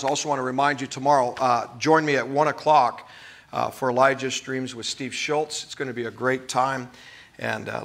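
A man's voice: mid-range voice, fairly bright tone. A man preaching a sermon as a pastor, emphatic and stretching key words.

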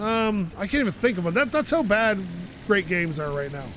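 A man's voice: high voice, lively intonation, fairly quick, few pauses, fairly bright tone, a little hiss or hum. A man hosting his own gaming channel, chatting and ranting in an opinionated way while he plays. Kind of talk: casual gameplay commentary.

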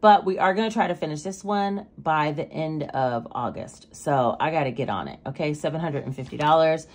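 A woman's voice: sits low, lively intonation, a little fast. A woman making a casual budgeting vlog, chatting with viewers and counting cash aloud as she stuffs binders. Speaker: budgeting vlogger.

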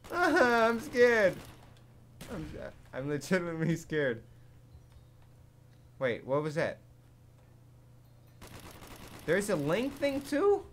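A man giving live commentary over a zombie game, excitable and jumpy, swearing often and laughing at his own jokes. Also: on the high side, slow, long pauses, slight background noise. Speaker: gaming commentator.

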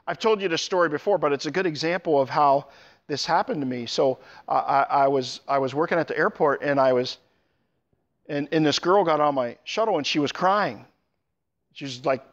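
Storytelling pastor, lively pitch. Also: male voice, highs cut off. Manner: storytelling with animated pitch jumps. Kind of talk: sermon.

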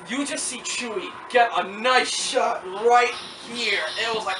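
Excitable movie reviewer rambling on, sounds far off the mic in a roomy echoey space, noisy hiss behind. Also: mid-range voice, measured pace, few pauses. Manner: rambling and excitable, full of "like" and acted-out quotes. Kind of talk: casual film review chat. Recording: echoey room from off-mic with noise.

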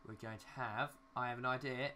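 A man's voice: mid-range voice, fairly even intonation, brisk, noisy background. A young man giving casual, rambling commentary while building in a city game, talking to himself and swearing mildly at glitches. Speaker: gaming YouTuber.

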